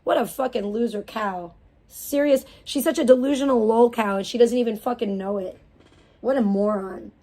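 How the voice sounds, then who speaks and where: A woman streamer in the middle of an angry rant, swearing hard and dripping with contempt. Her voice sits a little high for a woman. She mocks as much as she talks. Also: moderate pace, warm tone. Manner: profane, scornful, mocking. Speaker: live streamer. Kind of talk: angry ranting live stream.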